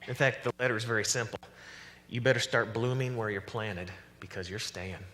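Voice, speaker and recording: A man preaching a sermon as pastor, animated and conversational, acting out quoted voices as he goes. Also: fairly low pitch, brisk, big-room sound. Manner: animated preaching, acts out voices of God and the prophets. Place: church sanctuary.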